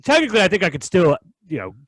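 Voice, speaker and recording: A man's voice: high voice, wildly swooping pitch, very fast, fairly bright tone. A young man co-hosting a podcast, telling a long story with lots of swearing and acting out both sides of an argument. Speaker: podcast co-host. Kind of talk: casual storytelling chat.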